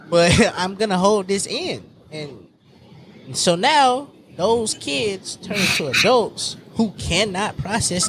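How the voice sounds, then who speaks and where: Candid, animated man on a podcast. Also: high voice, slight background noise. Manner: candid, profane, animated storytelling. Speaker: podcast co-host. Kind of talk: casual chat.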